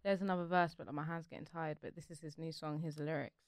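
Young woman, quick animated storytelling, smooth crisp voice, dry close sound. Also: sits low, dry recording. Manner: animated storyteller, swears freely. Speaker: podcast co-host. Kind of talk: casual chat.

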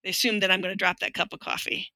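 A woman's voice: mid-range voice, little pitch movement, rapid-fire, sharp tone, no room sound, low-quality recording. A middle-aged woman, a linguistics professor, speaking as a guest in a conversational interview, telling stories frankly and wryly. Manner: frank, wry storytelling that acts out quoted voices.

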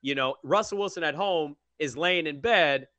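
A man's voice: on the high side, normal speed, pushed and bright, no room sound. A man hosting a sports talk show, bluntly mocking what he has just heard. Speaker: radio sports host.

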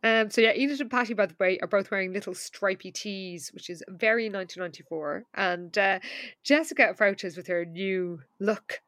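A woman's voice: medium pitch, fairly bright tone, no echo, studio quality. A woman co-hosting a podcast, recapping a book in casual chat with wry asides and laughter. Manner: wry, laughing, recounts scenes with quick quoted asides. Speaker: podcast co-host.

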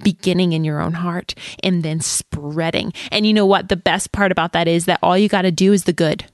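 A woman's voice: lowish voice, steady tone, dry recording. Earnest woman with a dry close sound. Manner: earnest, quick, speaks directly to listeners. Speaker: podcast guest. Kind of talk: heartfelt encouraging talk.

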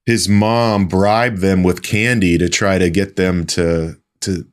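A sports reporter talking in casual podcast chat, telling a story in a halting way with many restarts. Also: male voice, low-pitched, fairly even intonation.

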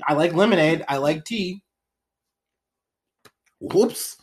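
A man's voice: fairly high pitch, takes it slowly. A young man co-hosting a podcast in casual comedic chat, rambling with lots of "like" and free swearing. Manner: animated, rambling, heavy use of "like", swears freely. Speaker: podcast co-host.

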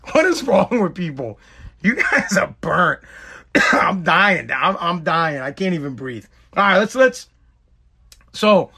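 A man's voice: high voice, creaky, pushed and bright. A man hosting a podcast from home, delivering a mocking, exasperated comedic rant and often breaking into laughter. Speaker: podcast host.

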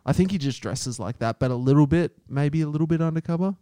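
A man's voice: fairly high pitch, fast talker, dark tone, smooth, no room sound. A young Australian man co-hosting a podcast, telling a crude, joking story in casual chat. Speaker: podcast co-host.

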